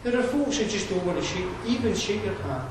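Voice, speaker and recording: A man preaches in a high-pitched voice, earnest and chatty, with asides and fillers. He is picked up from a distance in a church hall. Strong echo rings around him, with faint noise underneath. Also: expressive, a little fast. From Scotland. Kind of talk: sermon. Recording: roomy distant hall mic.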